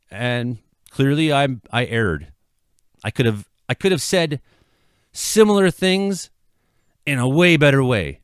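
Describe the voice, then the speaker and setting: A middle-aged man from Canada, a local weather vlogger, giving an earnest, halting apology that swells into impassioned outbursts. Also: mid-range voice, expressive, smooth, dry recording, clean studio sound. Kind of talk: emotional apology monologue. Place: his home.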